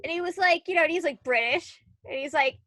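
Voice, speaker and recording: A young woman co-hosting a podcast, chatting casually with lots of "like" and animated retellings. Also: high-pitched, fast, no echo. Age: young adult. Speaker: podcast co-host. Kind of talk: casual chat.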